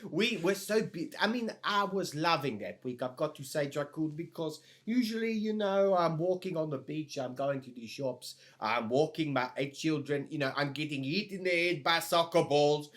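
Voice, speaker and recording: Rambling earnest dad of eight, played by a man, higher voice. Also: moderate pace, few pauses, fairly bright tone, close to an everyday voice. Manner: rambling, earnest, laughs mid-sentence. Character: lonely put-upon father of eight boys. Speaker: podcast co-host. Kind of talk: improvised comedy role-play.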